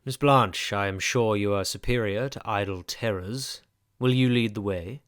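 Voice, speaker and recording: A man voicing a stern, brooding gentleman who is master of the house, speaking in commanding, curt tones for a storybook reading. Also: lowish voice, normal speed, clean tone, no echo, studio quality, pitched below the performer's own voice, natural voice.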